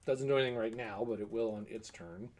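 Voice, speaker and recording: A man's voice: fairly low pitch, fast talker, a little mellow. A man playing a tabletop game over a call, working out his moves aloud with hesitant fillers. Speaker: player.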